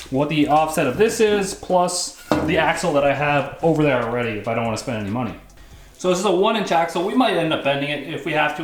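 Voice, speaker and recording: A Canadian guy with a fairly high voice jokes around in an echoey home garage, where faint noise can be heard. He's vlogging casually about building a drag lawnmower, offhand and a bit profane.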